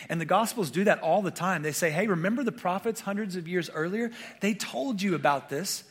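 A man's voice: sits high, brisk, husky. A male pastor preaching a sermon in a conversational way, often checking in with the congregation with questions. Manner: frequent fillers and restarts.

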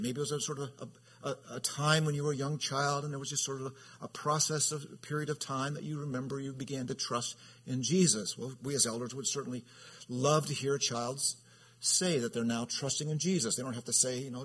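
Man, church elder, conversational sermon, husky voice, rambling restarts. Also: mid-range voice, a bit bright. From California. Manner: rambling, with frequent restarts and "right?" tags. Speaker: elder teaching a Bible study.

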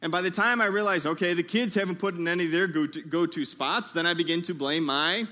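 A man preaching a sermon in a tent, telling a humorous story in a lively way and calling out to his listeners. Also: high-pitched, quick pace. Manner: lively, humorous storytelling with audience call-outs. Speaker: pastor.

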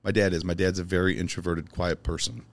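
A man with a notably deep voice tells personal stories as a podcast guest. He speaks emphatically and from the heart, with a casual curse here and there. He grew up in Chicago. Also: little pitch movement, fast, no echo. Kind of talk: personal storytelling in conversation.

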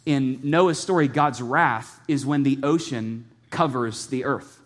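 A man preaching a sermon, animated and joking, often changing his pace. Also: mid-range voice, takes it slowly. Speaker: pastor.

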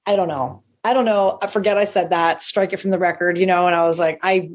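A woman comedian telling a long profane anecdote, animated and acting out the people she quotes. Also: lowish voice, fast. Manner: animated, acts out quoted voices, swears freely. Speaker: stand-up comedian.

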